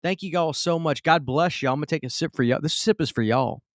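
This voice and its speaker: A man's voice: fairly high pitch, fast talker, dry recording, clean studio sound. A man, hosting a casual live stream. He greets viewers by name and often restarts his sentences.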